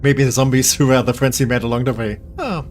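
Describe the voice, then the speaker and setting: A man's voice: mid-range voice, steady tone, fast, a little hiss or hum. A man live-streaming a game, tired and rambling as he jokes with his chat in a self-deprecating way.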